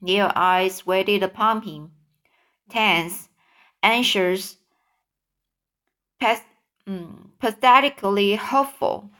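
A woman reading a children's book aloud, halting, with slips and self-corrections. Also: mid-range voice, a bit bright. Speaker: reader.

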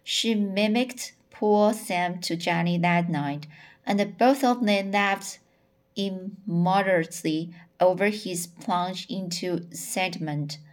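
Slow, halting woman audiobook reader. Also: lowish voice. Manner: halting, frequent repeats and self-corrections. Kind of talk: audiobook narration.

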